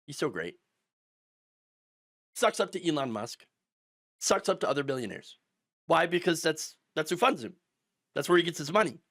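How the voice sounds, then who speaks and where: Sarcastic, lively-voiced male commentator. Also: on the high side, a little fast, long pauses. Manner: sarcastic, mocking voices of opponents. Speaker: political commentary host. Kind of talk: ranting political commentary.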